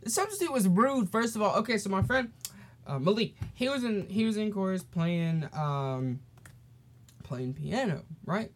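A man's voice: high voice, normal speed. Rambling teenage boy podcast host. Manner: rambling and animated, with many fillers and restarts; acts out the people in his stories. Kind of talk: casual solo podcast storytelling.

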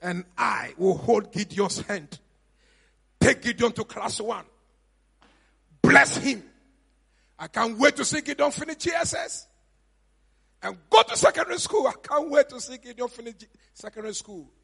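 A man with a Ghanaian accent, a pastor preaching a sermon, rising to high shouts and falling to quiet murmurs. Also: expressive, normal speed, vocal fry, slightly rough. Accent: Ghanaian English. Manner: preaching, shouts to a high pitch then drops to a low murmur. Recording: reverberant church hall with music behind.

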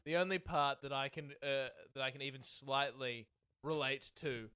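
A man's voice: medium pitch, normal speed, bright, forceful tone, clear, resonant tone. Dry-witted man co-hosting a podcast. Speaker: podcast co-host. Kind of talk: casual chat.

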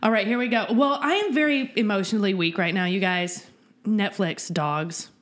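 A woman's voice: medium pitch, normal speed. Casual podcast co-host, a woman, chatty, laughing, recorded at home. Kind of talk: casual chat. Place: home, cat nearby. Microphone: desk recorder.

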